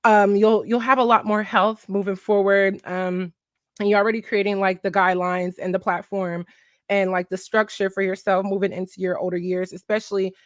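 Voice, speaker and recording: A woman's voice: medium pitch, no echo, studio quality. A woman in her twenties from Philadelphia chatting frankly to camera, giving advice with lots of "um" and "like". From Philadelphia, USA. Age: 20s. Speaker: vlogger. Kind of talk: casual advice chat.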